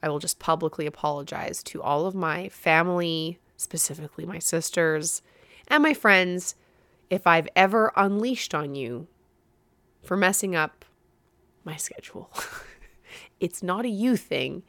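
A woman talks alone into a close mic as a podcast host, her voice sitting on the low side. She tells her own story candidly and animatedly, poking fun at herself. The sound is dry, with no room around it. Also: a little slow, no room sound. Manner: candid, animated, self-mocking storytelling with laughs. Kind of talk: solo podcast monologue.

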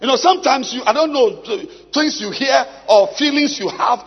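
A man preaching a sermon, with long pauses and sudden shouts. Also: extremely high pitch, animated, slightly rough. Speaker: pastor. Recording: dull sound with long hall reverb.

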